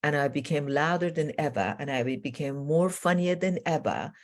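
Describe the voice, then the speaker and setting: Woman, low voice, middle-aged, transformational coach, animated earnest storyteller. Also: moderate pace. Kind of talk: interview guest telling stories.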